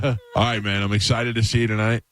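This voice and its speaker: Deep-voiced laid-back radio host. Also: male voice, flat delivery, quick pace, a bit bright. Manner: laid-back, short reactions and laughs. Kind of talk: casual chat.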